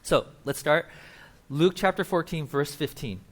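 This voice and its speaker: Guy preaching in a chatty way, kinda high voice, lots of asides. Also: expressive, unhurried. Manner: casual, explains with asides and acted-out quotes. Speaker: pastor. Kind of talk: conversational sermon. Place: church.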